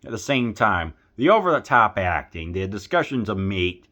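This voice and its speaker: A man talking through a film review in a loose, rambling way, stumbling over restarts and fillers. His voice sits a bit low but comes across bright and forceful. He sounds befuddled and exasperated by what he is describing. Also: sing-song, moderate pace. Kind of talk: casual film review vlog.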